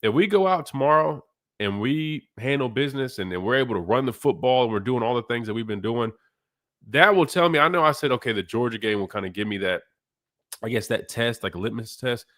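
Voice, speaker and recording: A man's voice: mid-range voice, animated, brisk, a bit bright, no room sound, clean studio sound. A man hosting sports talk radio in a casual, rambling way, his voice nasal and congested. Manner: casual, rambling, many fillers.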